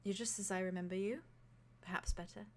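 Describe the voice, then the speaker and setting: A woman voicing a nervous, tender elderly grandmother who speaks softly and hesitantly. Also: mid-range voice, a little fast, a little hiss or hum, lightly acted. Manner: soft, hesitant and warm.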